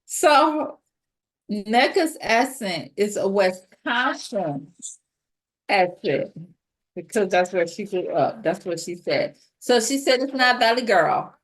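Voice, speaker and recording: A woman co-hosting a casual chat podcast, recapping a reality show in a slangy, animated way with voiced quotes. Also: medium pitch, slow. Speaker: podcast co-host.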